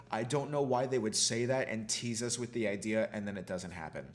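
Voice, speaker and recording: A man, a film student, reviewing a TV show in a casual, profane rant full of fillers. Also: mid-range voice. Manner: profane, ranting, many fillers like "you know".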